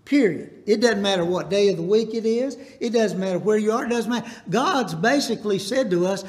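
A man delivers a Baptist sermon in a notably high voice. He wanders through homespun stories, then stops to ask the congregation to repeat lines back to him. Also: brisk. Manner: folksy, rambling, calls out for congregation responses. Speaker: Baptist preacher. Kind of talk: storytelling sermon.

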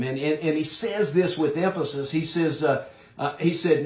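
A man's voice: a little high, normal speed, echoey room. A man preaching a sermon to his congregation, emphatic and direct, calling his listeners folks. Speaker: pastor.

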